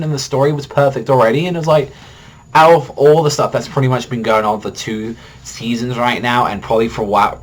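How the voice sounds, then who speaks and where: A young man reviewing an anime episode in a casual, rambling way, swearing often and filling gaps with "like" and "you know". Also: mid-range voice. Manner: rambling, heavy swearing and filler words.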